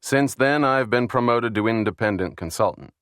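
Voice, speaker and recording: A man reading the lines of a calm, wry male scientist in measured speech in an audiobook. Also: mid-range voice, clear, resonant tone, dry recording, clean studio sound, natural voice. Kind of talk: audiobook character voice.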